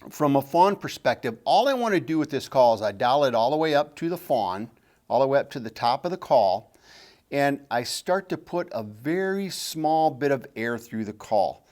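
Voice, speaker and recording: A man's voice: mid-range voice, big pitch swings, moderate pace, darkish tone. A middle-aged man teaching calling technique, patient and repeating key points. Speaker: game call instructor. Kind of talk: instructional demonstration.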